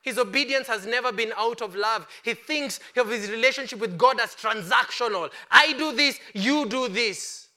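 A male preacher delivers an impassioned sermon in a high-pitched, sharply bright voice. He swings between ringing declarations and hushed, pleading appeals. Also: normal speed, few pauses.

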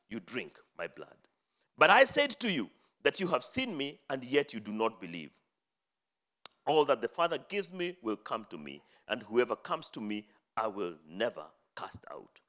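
A man preaching a sermon, reading scripture aloud and explaining it, rising to loud emphatic phrases and dropping to low, quiet endings. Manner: dramatic swings from loud high emphasis to low hushed endings.

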